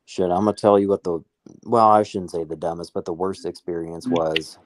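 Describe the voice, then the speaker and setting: A man's voice: low voice, fairly even intonation, normal speed, dry recording. A man co-hosting a casual podcast, telling a heated story full of swearing. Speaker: podcast co-host. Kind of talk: casual chat.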